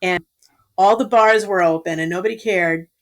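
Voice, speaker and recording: A middle-aged woman, a podcast guest telling rambling, animated stories in casual conversation. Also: lowish voice, normal speed. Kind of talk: casual storytelling.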